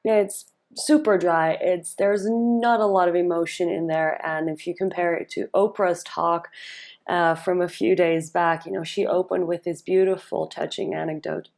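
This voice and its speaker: A woman speaking coach comments on a recorded speech in her own video. Her voice sits fairly low with a gravelly vocal fry. She talks in a chatty way, thinking aloud with fillers and restarts, and leans on the words she wants to stress. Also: steady tone, moderate pace, darkish tone.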